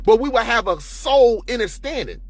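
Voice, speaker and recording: A man's voice: very high voice, big pitch swings, moderate pace. A man in an unscripted monologue to camera, profane and preachy, often heated. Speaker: vlogger.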